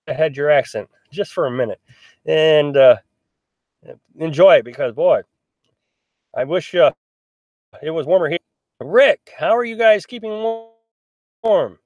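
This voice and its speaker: A man's voice: on the high side, lively intonation, measured pace, pauses often, a little mellow, no echo. A middle-aged man hosting a casual live stream, reading out viewer comments and answering them in a chatty, rambling way. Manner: chatty, rambling, many restarts and fillers. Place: in a small pop-up camper.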